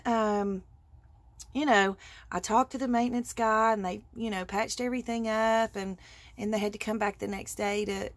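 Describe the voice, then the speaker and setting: On her craft vlog, a woman casually rambles through a story, animated and laughing as she tells it. Her voice is mid-range, with no echo.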